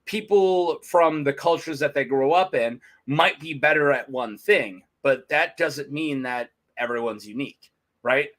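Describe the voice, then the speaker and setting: A man's voice: mid-range voice, a little slow, fairly bright tone. A man co-hosting a fan podcast, chatting casually and rambling through his opinions. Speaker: podcast co-host.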